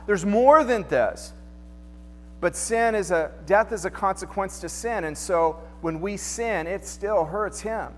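Here a man preaches at a slightly slow pace in a high voice. He is a pastor giving a sermon in a church sanctuary, chatty in manner and fond of rhetorical questions, with long hall reverb and soft music audible in the background.

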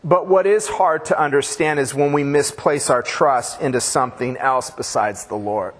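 Husky-voiced pastor preaching in a reverberant church. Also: male voice, medium pitch, moderate pace. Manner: casual and joking, slangy storytelling. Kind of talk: sermon.

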